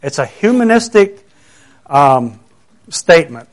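A man's voice: on the high side, sing-song, slow. A middle-aged man preaching a conversational sermon, earnest and full of rhetorical questions.

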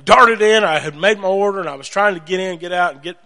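A man's voice: sits high, fast. A man preaching a sermon, telling stories animatedly and acting out voices. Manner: animated storytelling, acts out voices. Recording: long hall reverb.

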